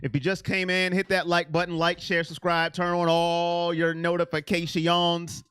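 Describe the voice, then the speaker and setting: A man hosting a casual sports livestream, answering chat and swinging from loud to mumbling. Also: sits high, moderate pace, smooth, no echo. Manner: excitable, reads chat names aloud, swings from loud to mumbling. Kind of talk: casual live-chat commentary.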